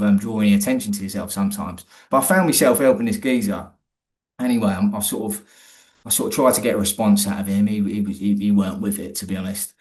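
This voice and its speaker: A man, his voice sitting on the low side, talks as an interview guest. He tells a personal story loosely and colloquially, often stopping and starting again mid-sentence. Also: darkish tone. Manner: rambling, restarts often, colloquial.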